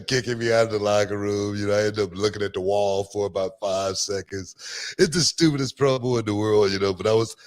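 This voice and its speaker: A man with a low, deep voice hosts a laid-back chat. He tells stories in a rambling way, restarting sentences and leaning on fillers. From Houston, Texas. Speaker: podcast host. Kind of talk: casual chat.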